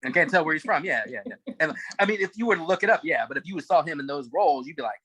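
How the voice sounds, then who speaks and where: A man's voice: on the high side, animated, fast, few pauses, bright, forceful tone, slightly rough, no echo, low-quality recording. A man co-hosting a casual TV show chat, rambling and hesitant, full of fillers and restarts. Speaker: podcast co-host.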